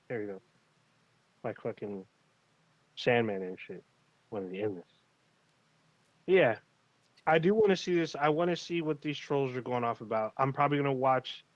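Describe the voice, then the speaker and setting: A man's voice: medium pitch, no room sound. Laid-back profane man, muffled mic. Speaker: podcast co-host. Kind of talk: casual livestream chat.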